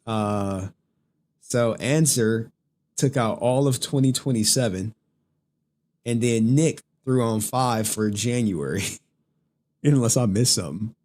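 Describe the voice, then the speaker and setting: A man's voice: lowish voice, a little mellow. A man hosting a live stream, ranting casually with lots of swearing and laughter while he reads chat messages. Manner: profane, laughing, rambling, reads super chats. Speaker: streamer host.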